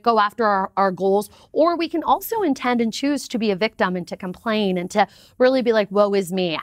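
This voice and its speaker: A woman talking as a guest in a casual interview, with upbeat and expressive storytelling. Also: fairly high pitch, no echo, clean studio sound. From United States. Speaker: podcast guest.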